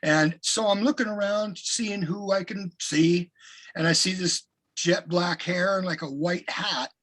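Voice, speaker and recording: Casting: husky middle-aged man, relaxed interview guest, lively anecdotes, slightly high voice. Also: unhurried. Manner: animated anecdotes with profanity. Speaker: guest singer. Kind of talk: casual interview storytelling.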